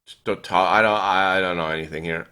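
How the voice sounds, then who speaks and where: A young man streaming a flight game, chatting with viewers and thinking aloud with lots of fillers, now and then breaking into excited yells. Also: low voice, quick pace, smooth. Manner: reads and answers viewer chat while playing. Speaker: gaming streamer. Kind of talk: live gameplay commentary.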